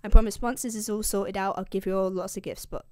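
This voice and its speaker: A woman plays a wary, scheming Greek hero who chatters in loose modern slang in a voice at a middle pitch. He sounds dry and close, as in a myth retold as a joke. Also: steady tone, fast talker, darkish tone, dry recording, lightly acted. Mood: casual.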